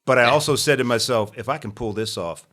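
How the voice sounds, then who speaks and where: A man from Omaha, an actor and comedian, telling animated anecdotes as a podcast guest and acting out other people's lines. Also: medium pitch, quick pace. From Omaha, Nebraska. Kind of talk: casual storytelling.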